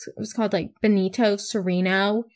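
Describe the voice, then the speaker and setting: A woman's voice: medium pitch, fairly even intonation, brisk, a little mellow. A teenage girl hosting her own podcast, rambling in a bubbly, self-mocking way and swearing casually. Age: teens. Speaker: podcast host. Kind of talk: casual solo podcast chat.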